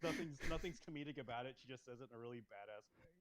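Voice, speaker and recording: A man chatting on a livestream, excitable, often stumbling over his first words. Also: medium pitch, rapid-fire. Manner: excitable, stammering restarts. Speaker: livestream co-host. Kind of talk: casual chat.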